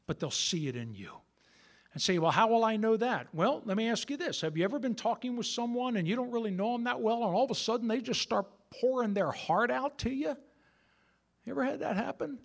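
A middle-aged pastor preaching a sermon with a lively, bouncing delivery and a high-pitched voice. He keeps it conversational and turns aside to talk with the congregation. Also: fairly quick, vocal fry. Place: church sanctuary.

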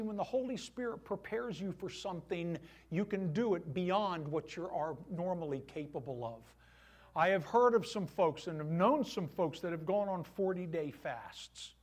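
A middle-aged male pastor preaching a sermon to his church, animated, with voiced asides. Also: high-pitched.

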